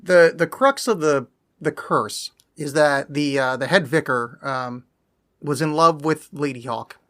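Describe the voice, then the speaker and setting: A man's voice: on the high side, measured pace, fairly bright tone. A man co-hosting a podcast, talking in a sarcastic, rambling way in casual chat. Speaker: podcast co-host.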